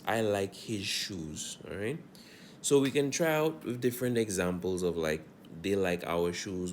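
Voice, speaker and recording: Male language teacher, low voice, patient classroom explainer, faint hiss behind. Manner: checks in often with "all right?", repeats examples. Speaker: Spanish teacher. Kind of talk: classroom grammar lesson.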